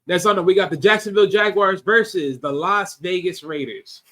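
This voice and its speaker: A man's voice: high-pitched, moderate pace, pushed and bright. A young man hosting a sports show, giving casual, emphatic football predictions and often repeating his points. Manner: repetitive, emphatic, restarts sentences.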